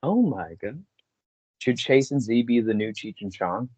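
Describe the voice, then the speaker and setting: A man's voice: mid-range voice, lively intonation, a little slow, darkish tone, husky, dry recording, dull audio. A young man, a voice actor, chatting casually as a podcast guest, laid-back and often laughing. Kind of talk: casual chat.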